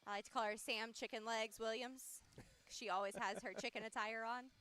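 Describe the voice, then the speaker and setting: A woman's voice: fairly high pitch, fairly even intonation, normal speed, fairly bright tone, smooth. A woman commentating on a strongman livestream, bantering casually with her co-host and calling the lifters by name. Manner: chatty, friendly banter with co-host. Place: outdoor strongman meet.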